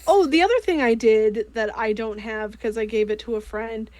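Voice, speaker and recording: A chatty woman with a Midwestern accent, talking casually while she knits on a livestream. Her voice sits a bit high and the sound is close and dry, with no room around it. She swears easily in the middle of relaxed chat. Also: moderate pace, no echo. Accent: Midwestern American. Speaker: co-host.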